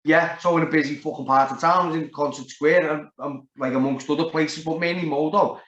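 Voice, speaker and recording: In a roomy, dull, lo-fi recording, a man with a Liverpool accent tells a rambling story in casual chat. He swears heavily and uses "like" over and over. His pitch is fairly high and steady, his tone fairly bright, and his pace a little fast.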